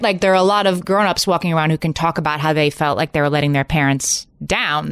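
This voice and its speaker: Low-voiced woman co-host, dry close sound. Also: smooth, no room sound. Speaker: podcast co-host. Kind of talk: casual conversation.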